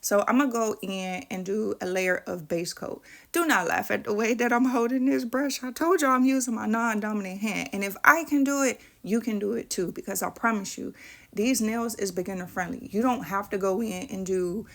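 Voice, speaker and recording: Pregnant and at ease, a nail tutorial vlogger chats playfully with her viewers while doing her nails. Her medium-pitched voice is creaky and moves at a moderate pace.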